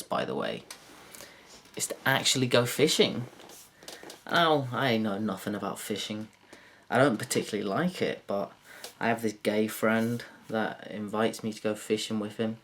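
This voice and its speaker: A man doing a rambling, crude, self-mocking stand-up monologue to camera, jumping into silly high put-on voices. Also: moderate pace, fairly bright tone, a little hiss or hum. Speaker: comedian.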